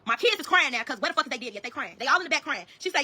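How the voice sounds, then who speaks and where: A woman telling her own story to viewers in a rapid, heated, profane way. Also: high voice, animated, bright, forceful tone. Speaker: storyteller in a social media clip.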